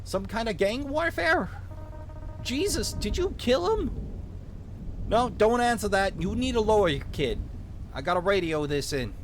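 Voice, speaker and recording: A man voicing an exasperated small-town male police chief with a put-on Minnesotan accent, barking hurried orders. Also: high-pitched, very animated, slight background noise, pitched above the performer's own voice. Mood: alarmed. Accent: put-on vaguely Minnesotan.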